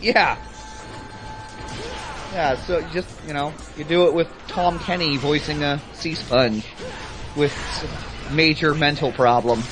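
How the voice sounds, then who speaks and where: A man's voice: on the high side, takes it slowly, long pauses, music in the background. A man co-hosting a let's play, making sarcastic jokes and teasing his friend. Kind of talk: casual gameplay commentary.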